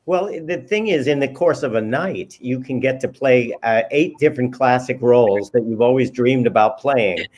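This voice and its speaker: A man's voice: medium pitch, normal speed, few pauses, darkish tone, highs cut off. A man hosting a casual interview chat, admiring his guests and searching for his words as he goes. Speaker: host.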